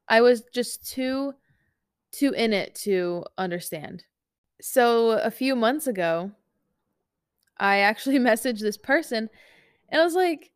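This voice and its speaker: Chatty young woman, smooth dry voice. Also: medium pitch, measured pace, no echo. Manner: chatty, animated, lots of fillers and quoted self-talk. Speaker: coach. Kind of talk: casual chat vlog.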